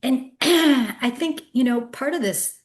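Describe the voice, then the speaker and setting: A woman hosting a podcast interview who speaks in a measured, thoughtful way, with hesitations and some throat-clearing. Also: high voice, animated. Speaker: podcast host. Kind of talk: interview conversation.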